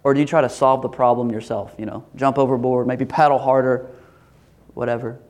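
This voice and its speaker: A pastor preaching a sermon in a lively, animated way, acting out voices as he tells the story. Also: medium pitch, brisk. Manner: animated, acts out quoted voices, laughs.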